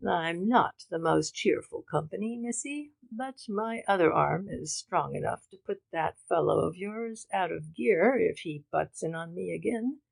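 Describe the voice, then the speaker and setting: A woman reading the part of a rough male thug who growls menacing threats. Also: on the low side, animated, a little slow, few pauses, dry recording, heavily acted, rough recording. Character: rough gruff male thug with broken arm.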